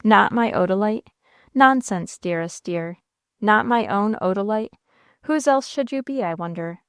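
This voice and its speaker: An ardent young suitor from an old romance pleads with emphatic devotion, as a woman narrator voices him. The voice is smooth and clear, and the sound is close and dry. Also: mid-range voice, expressive, measured pace, fairly bright tone, no room sound. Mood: coaxing.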